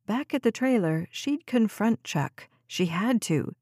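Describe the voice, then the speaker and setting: A woman narrates a novel in a calm, measured audiobook reading. Her voice is mellow and dark in tone, recorded dry and close with no room sound. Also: medium pitch, breathy edge, no room sound.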